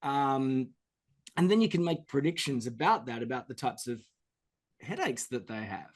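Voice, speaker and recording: A man's voice: mid-range voice, normal speed. A man hosting a podcast interview, chatting casually and acting out examples to make his points. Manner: animated, acts out quoted examples. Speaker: podcast host.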